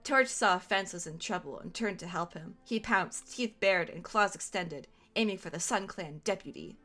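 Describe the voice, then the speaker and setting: A young woman streamer reading an old fan roleplay aloud, amused and quick to laugh. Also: lowish voice, bright, forceful tone. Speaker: streamer host. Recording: faint music behind.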